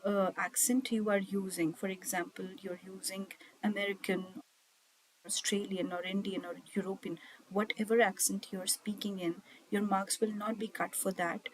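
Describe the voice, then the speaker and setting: Breathy woman teaching an online class. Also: medium pitch, rough recording. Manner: explains slide points plainly, with frequent "okay" and "uh". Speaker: IELTS teacher.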